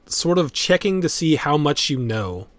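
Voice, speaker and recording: A man running a tabletop game as game master, easygoing and quick to chuckle. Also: on the high side, big pitch swings, dry recording. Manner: easygoing, chuckling, laid-back.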